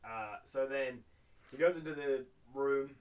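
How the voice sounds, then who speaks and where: A man's voice: mid-range voice, unhurried, highs cut off. A young man co-hosting a casual film review podcast, rambling and laughing often, swearing casually. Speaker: podcast co-host.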